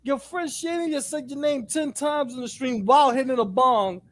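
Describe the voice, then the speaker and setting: A man in casual chat, animated and profane, acting out other people's lines as he talks. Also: very high voice, normal speed. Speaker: co-host.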